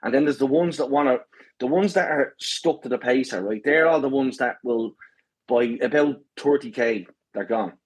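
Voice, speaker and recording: A man's voice: mid-range voice, moderate pace, slightly rough, poor audio. A man with a Dublin accent, a podcast guest and marathon pacer, telling stories in a casual chat full of swearing, banter and a habit of asking "right?". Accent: Dublin Irish.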